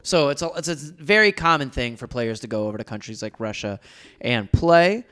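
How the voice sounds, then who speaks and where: A man's voice: mid-range voice, animated, moderate pace, a bit bright. Joking young man hosting a podcast. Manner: storytelling, loose and joking, frequent ums and uhs. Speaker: podcast host. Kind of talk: casual podcast chat.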